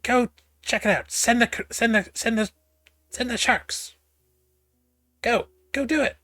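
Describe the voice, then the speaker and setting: A man voicing a raspy, angry creature of unknown kind in a tabletop game, giving orders in a faint whisper. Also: very high-pitched, unhurried, pushed and bright, dry recording, studio quality, voice pushed up, full character voice. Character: raspy, angry unseen fish-folk creature.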